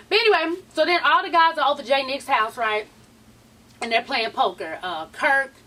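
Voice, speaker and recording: Sassy high-voiced woman dishing gossip. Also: sharp tone, far from the mic. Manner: sassy, profane, quizzes her viewers directly. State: tired, late at night. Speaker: vlogger recapping a reality show. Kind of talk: casual gossipy recap commentary.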